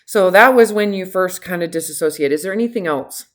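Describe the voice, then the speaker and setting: Low-voiced woman coach, middle-aged, direct and lively, talking a client through personal issues. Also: a little fast. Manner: direct, frank, animated, laughs easily. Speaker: health coach. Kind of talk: one-on-one consultation.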